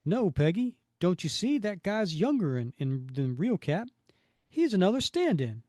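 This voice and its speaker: A man's voice: high-pitched, very animated, normal speed, mellow, no room sound, clean studio sound, voice pushed up. A man reading the lines of a level-headed older male soldier, explaining insistently.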